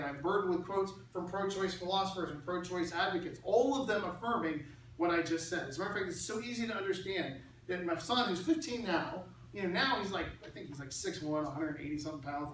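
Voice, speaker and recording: A man's voice: sits high, recorded from a distance, slight background noise. Middle-aged man lecturing in an echoey hall. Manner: animated, conversational, repeats phrases for emphasis. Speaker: speaker. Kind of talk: persuasive lecture. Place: large hall in a church building.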